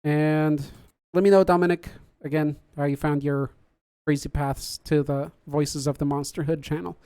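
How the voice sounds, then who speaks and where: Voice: mid-range voice, fairly even intonation, moderate pace, dark tone, smooth, dry recording, clean studio sound. A podcast host chatting casually on a livestream, reading viewer comments aloud, laughing often and joking about their own slips.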